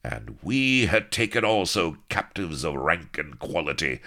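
A man playing a pirate captain addressing his crew with rousing, declaiming speech, in a very deep voice. He speaks like a leader working up a mob. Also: very animated, unhurried, creaky, pushed and bright, heavily acted.

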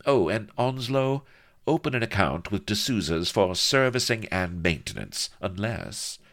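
A man's voice: a bass voice, sing-song, slow pace, creaky, exaggerated voice. A man voicing a teasing, domineering noblewoman. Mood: commanding. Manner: teasing, commanding drawl. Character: plump, domineering, flirtatious noblewoman.

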